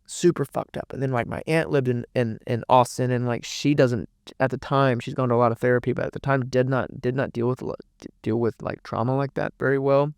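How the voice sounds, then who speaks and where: A man's voice: medium pitch, steady tone, fairly quick, clear, resonant tone, dry recording, clean studio sound. A young man, telling a painful family story as a podcast guest in a rambling, emotional way, with many restarts and curse words. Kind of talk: candid personal storytelling.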